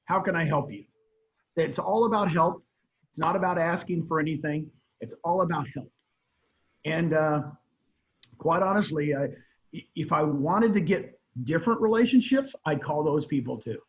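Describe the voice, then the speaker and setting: A man's voice: a little high, normal speed. A middle-aged man, a guest real estate trainer, giving emphatic advice on a video call and repeating his key points. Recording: muffled video call audio.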